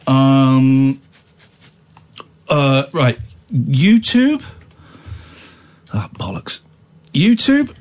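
A man's voice: mid-range voice, sing-song, drawn-out words, long pauses, darkish tone. A man hosting late-night radio, swinging between mock rants and dry offhand banter. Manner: mock-ranting, bombastic, then dry and offhand. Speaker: radio host.

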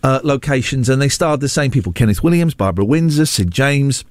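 A man's voice: mid-range voice, no room sound, studio quality. A man presenting a radio show in casual banter, teasing his co-hosts and a caller with a playful, joking manner. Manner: teasing, playful, quick to joke.

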